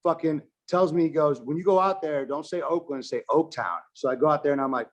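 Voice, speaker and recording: A man tells his stories loosely and profanely, with a voice that swings up and down as he plays each part. It comes across as a relaxed, unscripted podcast conversation. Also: on the high side, fairly quick, hardly any pauses. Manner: animated, swears constantly, acts out quotes. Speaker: podcast guest, wrestler and filmmaker. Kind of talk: casual storytelling chat.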